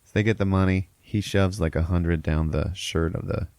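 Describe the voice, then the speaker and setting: Low gravelly man rambling through a movie recap. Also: fairly even intonation, moderate pace, darkish tone, dry recording. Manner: rambling, profane, laughing storyteller. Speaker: podcast host.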